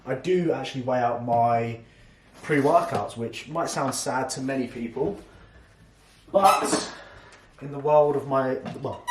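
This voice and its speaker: A man's voice: medium pitch, reverberant, slight background noise. A man, a fitness vlogger and coach, chatting casually and jokingly through a product review and swearing freely.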